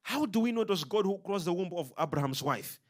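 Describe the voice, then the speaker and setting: A man's voice: high-pitched, animated, quick pace. A man preaching a sermon, emphatic and rhythmic, throwing questions out to his congregation.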